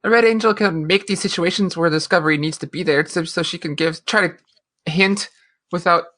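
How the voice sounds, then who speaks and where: A woman co-hosting a podcast, recapping a TV episode with animated storytelling and frequent laughter. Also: lowish voice, a little fast. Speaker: podcast co-host. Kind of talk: casual chat, recapping a TV episode.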